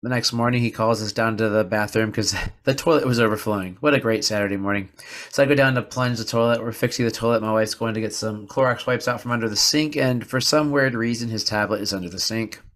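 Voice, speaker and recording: A man's voice: lowish voice, fairly even intonation, quick pace, a bit bright. A man hosting a podcast, telling a personal story in an earnest, confessional way and repeating words for emphasis. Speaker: podcast host. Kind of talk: personal reflective podcast monologue.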